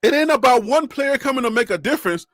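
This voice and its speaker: A man hosting a live sports reaction stream, animated and joking as he talks. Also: extremely high pitch, fast talker, no room sound, studio quality. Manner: animated, joking, repeats himself.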